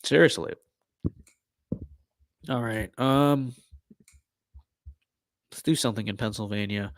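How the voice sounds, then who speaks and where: A man's voice: fairly low pitch, slow pace, pauses often, no echo. A young man giving casual gameplay commentary on a stream, full of ironic mock-political bluster and repeated catchphrases.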